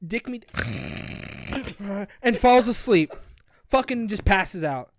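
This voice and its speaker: A woman's voice: medium pitch, very animated, very slow. A woman co-hosting a comedic book review podcast, swearing, laughing and acting out characters in mock voices. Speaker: podcast co-host.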